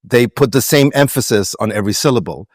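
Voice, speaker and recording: A man's voice: medium pitch, expressive, quick pace, dry recording, studio quality. A man with a Pakistani accent talking reflectively as an interview guest, meandering with many restarts and fillers. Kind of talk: conversational interview.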